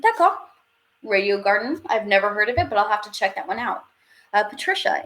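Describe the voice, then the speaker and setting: A woman's voice: mid-range voice, expressive, brisk, a bit bright. A woman teaching a live online French class, chatty and upbeat, reading out viewer questions as she goes.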